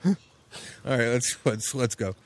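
A man's voice: mid-range voice, animated, measured pace. A man co-hosting a casual comedy podcast from a remote location, laid-back and wry, swearing casually. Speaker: podcast co-host.

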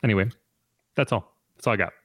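A man's voice: on the low side, quick pace, no room sound, studio quality. A man hosting a sports podcast, talking loosely and conversationally with frequent restarts. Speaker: podcast host and sports reporter. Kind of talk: casual sports podcast chat.

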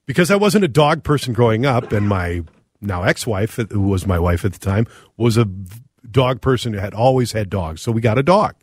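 Reading listener texts on his radio talk show, a middle-aged host sounds earnest and reflective, pausing frequently, with a lowish, husky, animated voice. The studio sound is clean, with no room sound.

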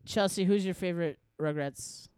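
A young woman hosting a casual podcast chat, chatty and quick to jump in. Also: on the low side, crowd noise. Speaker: podcast host.

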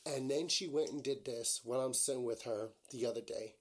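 Male podcast host, mid-pitched, casual monologue, rambly and filler-heavy, emotional and gushing. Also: moderate pace, a little mellow. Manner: rambling, full of "like" and "you know".

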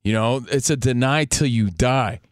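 A man's voice: medium pitch, moderate pace, no room sound, clean studio sound. A man co-hosting a sports talk radio show, arguing his point at length in a skeptical, emphatic way. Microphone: studio microphone.

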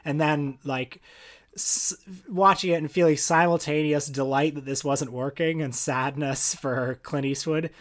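A man's voice: a little high, fairly even intonation, measured pace. Wry rambling man on a film podcast. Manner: wry, rambling, with dry jokes. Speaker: podcast co-host. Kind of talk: casual film discussion.

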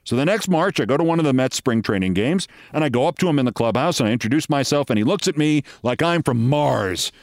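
A man's voice: mid-range voice, expressive, fast, few pauses, no echo, clean studio sound. A man in his sixties hosting a show, telling a personal story in a wry monologue and acting out the voices of the people in it.

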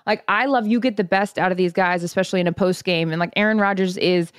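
A woman's voice: mid-range voice, steady tone, fast talker, smooth, dry recording, studio quality. A woman host chatting casually, reassuring and supportive. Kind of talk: casual chat.

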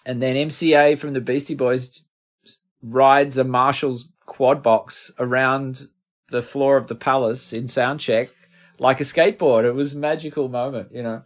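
A man's voice: medium pitch, fairly even intonation, normal speed. A middle-aged man with an Australian accent, a guest musician telling rambling, self-deprecating stories in a casual interview.

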